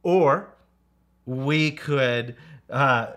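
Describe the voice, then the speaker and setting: A man's voice: medium pitch, drawn-out words, a bit bright. A man preaching a sermon as a pastor, earnest and repetitive, with playful asides to children.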